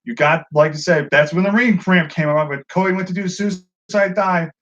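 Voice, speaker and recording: A high-pitched man talks wrestling in a loose, foul-mouthed review, getting worked up and playing out the wrestlers' lines himself. The recording is a little dull and lo-fi. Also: a little fast. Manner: excitable, swears a lot, acts out quotes. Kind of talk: casual profane commentary. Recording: dull lo-fi sound.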